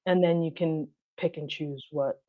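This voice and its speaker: A plain-spoken woman, a guest who makes car detailing videos, talks in a casual interview with a steady, direct delivery. Her deep voice moves a little slowly and the audio sounds narrow and tinny. She describes her own way of speaking as monotone, straight and direct, and she reflects aloud, working through her thoughts with frequent restarts.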